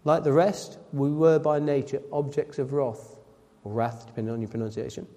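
A man delivers a sermon in a mellow, relaxed voice that sits a little high. He reads scripture aloud, then unpacks it with repeated phrases and quick self-corrections. His voice rings with a long reverb, as in a church hall. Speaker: preacher.

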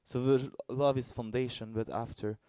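Male preacher, earnest and halting, dry close sound. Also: medium pitch, no echo. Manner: halting, searching for words, earnest; gets excited and loud in bursts. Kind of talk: sermon.

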